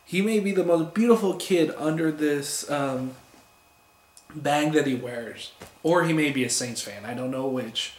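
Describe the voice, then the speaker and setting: Eager man in an echoey room. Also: on the high side. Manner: enthusiastic, rambling, stumbles over names. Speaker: comic book reviewer on a video channel. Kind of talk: casual spoken review.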